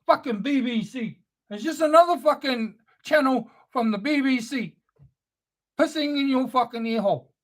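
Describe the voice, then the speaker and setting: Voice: high voice, moderate pace. A speaker delivering an angry, profane, sneering spoken-word rant.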